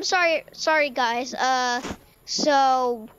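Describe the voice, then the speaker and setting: A young woman talks through her game in a loose, rambling way, stumbling over words and filling gaps with fillers. Her voice sits high. A faint noise hums under the desk-mic recording. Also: a little slow. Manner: rambling, stammers, many fillers. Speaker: gaming YouTuber. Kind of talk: casual let's-play commentary. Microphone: desk microphone.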